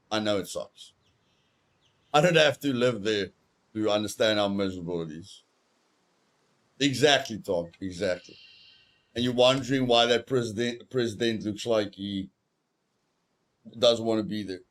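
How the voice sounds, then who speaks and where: This man's casual gameplay chat during a survival game stream wanders and jokes in a mock-serious vein. He talks at a moderate pace in a lowish voice, leaving long pauses.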